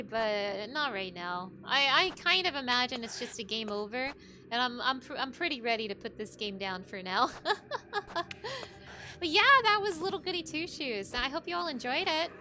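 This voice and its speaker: A woman's voice: sits high, lively intonation, moderate pace, sharp tone, a little hiss or hum. A woman streaming a game, chatting playfully with her viewers and giggling often. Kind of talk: casual gaming commentary. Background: game music.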